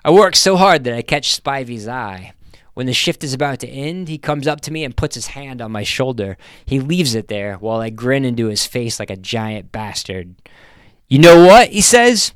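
A man reads a first-person story aloud with a deadpan, matter-of-fact delivery. His voice is smooth and crisp, recorded close and dry with no room echo. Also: mid-range voice, normal speed. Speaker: narrator.

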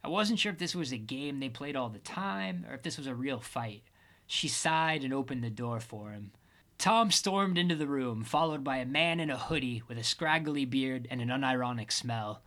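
A man reads a first-person story aloud with a wry, deadpan delivery. His voice is bright and forceful, at a middle pitch. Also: normal speed. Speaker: audiobook narrator. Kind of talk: first-person audiobook narration.

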